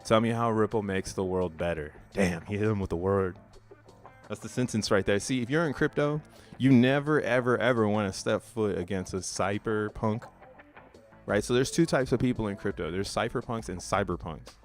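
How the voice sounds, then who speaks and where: A man's voice: lowish voice, normal speed, faint music behind. A man casually streaming, reading social media posts aloud with profane slang and frequent laughter. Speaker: crypto streamer.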